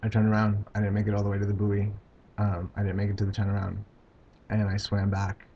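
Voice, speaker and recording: A man vlogging about his own experience, talking in a halting, hesitant way with many pauses and restarts. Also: fairly low pitch, monotone, warm tone, a little hiss or hum. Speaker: video blogger. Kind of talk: casual personal recount. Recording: dull lo-fi home video sound.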